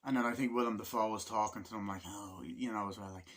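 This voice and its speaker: A man's voice: on the low side, fairly even intonation, fast. A man casually reviewing a film in a rambling, filler-heavy way, swearing often and acting out lines from the movie.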